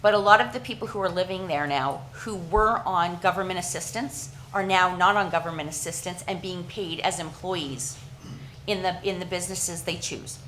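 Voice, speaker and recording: A woman from Canada giving an earnest, halting presentation at a council meeting, with frequent restarts and fillers. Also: fairly low pitch, fairly bright tone, a little hiss or hum, rough recording.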